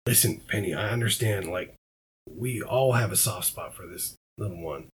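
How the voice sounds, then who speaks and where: A man's voice: fairly low pitch, normal speed, slightly rough. A man voicing a firm, protective adventurer in a tabletop game, giving blunt instructions. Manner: firm, coaxing.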